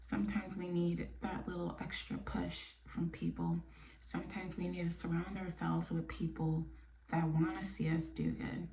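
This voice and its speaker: A woman from New York hosting her own podcast, talking candidly and bluntly, sometimes dropping to a soft near-whisper. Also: fairly low pitch, flat delivery, moderate pace, creaky. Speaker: podcast host. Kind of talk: casual personal monologue. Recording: echoey room, mic a bit distant.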